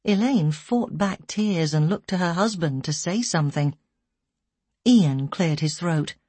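A woman reading a story aloud in slow, somber scripted narration. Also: on the low side, lively intonation, darkish tone, slightly rough, no echo. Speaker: audiobook narrator.

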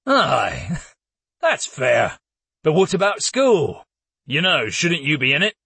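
Man doing a grumbling old warrior, husky. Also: fairly high pitch, wildly swooping pitch, takes it slowly, sharp tone, no room sound, exaggerated voice. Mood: gruff. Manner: grumbling, coarse, swears. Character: gruff stubborn old male warrior, humble.

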